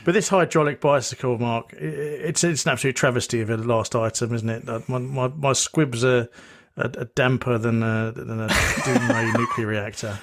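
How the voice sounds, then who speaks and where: Bloke cohosting a podcast, chatty, rambles and restarts, jokes around, middle pitch. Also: male voice, fairly even intonation, normal speed, fairly bright tone. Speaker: podcast co-host. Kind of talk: casual chat.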